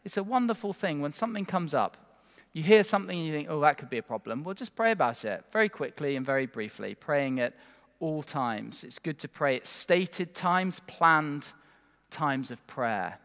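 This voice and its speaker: A man's voice: fairly high pitch, expressive, moderate pace, a bit bright. A man preaching a sermon, earnest and emphatic, with rhetorical asides to the congregation. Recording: long hall reverb.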